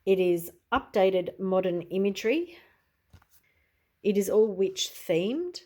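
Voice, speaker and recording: A woman's voice: mid-range voice, lively intonation, takes it slowly, mellow. A middle-aged Australian woman, a tarot reader, chatting easily in a show-and-tell video, often adding "you know" and "I suppose.".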